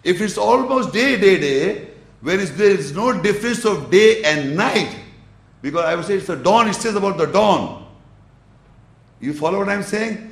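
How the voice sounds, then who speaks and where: Man giving a slow, probing religious lecture. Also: high voice, expressive, gravelly, a bit bright, echoey room. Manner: explains slowly with gestures, checks the audience's understanding. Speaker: Islamic lecturer.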